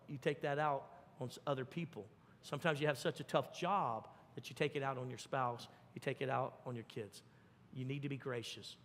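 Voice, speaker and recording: A pastor delivers a sermon in a high, bright voice, swinging from animated punch lines to hushed, tender asides. His voice rings out with a long church-hall reverb. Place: church sanctuary.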